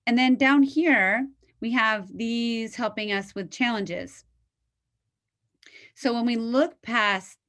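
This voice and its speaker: Animated American woman giving a webinar talk. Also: mid-range voice. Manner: animated storytelling with frequent "like" and "um", laughs. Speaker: psychologist presenting a webinar. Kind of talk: webinar lecture.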